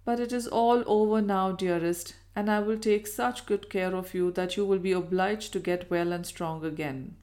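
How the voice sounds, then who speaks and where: A woman reading the lines of a kind, coaxing colonel who gently fusses over his tired wife. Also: medium pitch, steady tone, normal speed, hardly any pauses, lightly acted. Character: kind coaxing middle-aged husband, a colonel.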